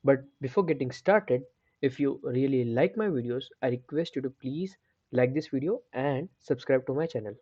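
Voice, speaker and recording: A man's voice: medium pitch, moderate pace, dark tone, slightly rough, no echo, muffled recording. A man hosting a coding tutorial, explaining step by step and checking in with repeated "right?" and restarts. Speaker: programming tutor. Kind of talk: screen-share coding tutorial.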